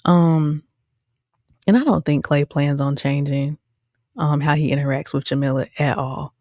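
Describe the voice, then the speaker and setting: Speaking at a measured pace in a low voice, this host reviews a show in a chatty, animated way, addressing viewers directly as "y'all" and peppering her talk with "um" and "okay?". The studio sound is clean, with no room sound.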